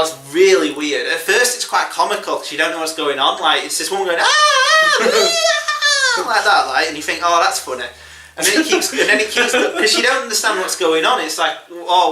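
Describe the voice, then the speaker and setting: A man's voice: a little high, sharp tone, reverberant, far from the mic. A man hosting a casual film review chat, rambling and chuckling often. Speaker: film review podcast host.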